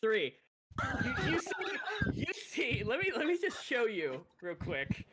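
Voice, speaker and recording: A man narrating a tabletop role-playing game as game master, lively and full of restarts. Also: high-pitched, measured pace, very noisy.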